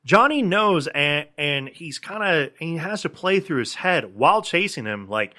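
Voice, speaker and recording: Upbeat bright-voiced male podcast host. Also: on the high side, big pitch swings, unhurried. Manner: enthusiastic, filler-heavy, reads trivia aloud. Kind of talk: casual movie podcast chat.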